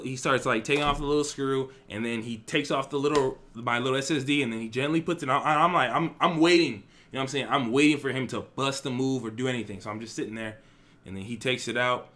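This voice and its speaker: A young man recounts a story for his vlog, animated and loose with slang and swearing. His voice is bright and forceful, sitting at an average pitch. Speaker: vlogger. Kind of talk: casual storytime.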